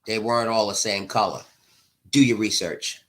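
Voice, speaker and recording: A middle-aged man, an author being interviewed, talks passionately with the cadence of a preacher in an emotional interview. His voice sits on the low side at a normal speed, with heavy noise in the background.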